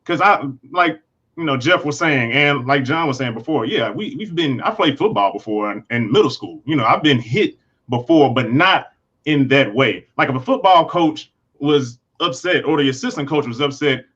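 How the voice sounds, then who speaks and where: A man speaking as a panelist in a casual discussion, thoughtful, with halting restarts. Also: medium pitch, expressive, a bit bright, slightly rough, muffled recording.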